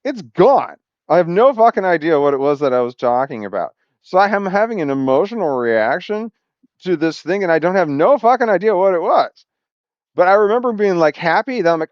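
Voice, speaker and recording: Give me a man rambling and swearing through a personal vlog in a smooth voice, recorded dry and slightly muffled. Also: high-pitched, big pitch swings, brisk, no echo. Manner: scattered, loses his thread, swears often. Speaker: vlogger.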